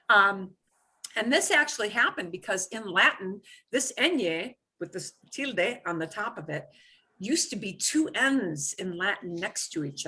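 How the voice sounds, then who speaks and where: A woman's voice: medium pitch, bright, forceful tone, slightly rough. A woman teaching a beginner Spanish class over a video call, patiently modeling words for students to repeat.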